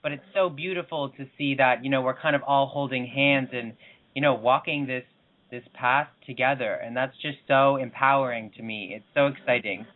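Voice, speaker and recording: An earnest man gushes about his spiritual path while he interviews guests. His pitch is middling, and his voice is squeezed through a tinny phone line. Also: fairly even intonation, normal speed. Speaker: co-host, interviewer. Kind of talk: casual spiritual talk-show chat.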